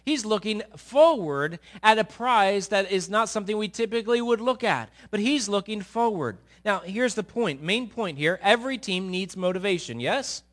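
High-voiced male pastor preaching. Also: animated, normal speed, hardly any pauses. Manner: storytelling, drawing on a board as he preaches; drops to a low murmur while telling a story, then rises forcefully. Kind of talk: sermon.

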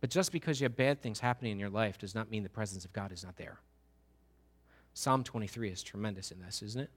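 A middle-aged man preaching a sermon, animated and acting out little voices of churchgoers to make his points. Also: lowish voice, fast. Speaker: pastor.

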